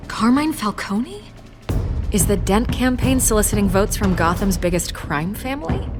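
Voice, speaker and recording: A sharp young reporter, voiced by a woman in a video game. Her questions come with a lively, rising and falling pitch. Game music plays behind her. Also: moderate pace, close to an everyday voice. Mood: probing. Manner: probing, questioning.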